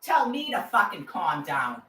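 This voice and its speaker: A woman's voice: lowish voice, very animated, measured pace, bright, forceful tone. A woman, delivering an agitated, profane monologue to camera. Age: 50s. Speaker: vlogger. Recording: echoey, with faint background noise.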